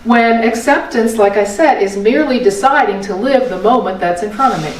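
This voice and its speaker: A woman's voice: a little high, a little fast. Older woman teaching in an echoey room. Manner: folksy, repeats phrases, asks rhetorical questions. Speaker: spiritual teacher. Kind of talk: conversational dharma talk. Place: meeting room of a spiritual center. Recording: echoey room, voice from a distant mic.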